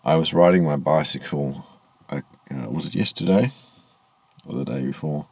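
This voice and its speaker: A man's voice: very deep voice, moderate pace, darkish tone, slight background noise. A man telling a rambling, aggrieved story to camera in a casual vlog, swearing freely, outdoors in the evening. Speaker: vlogger. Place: outdoors in low evening light.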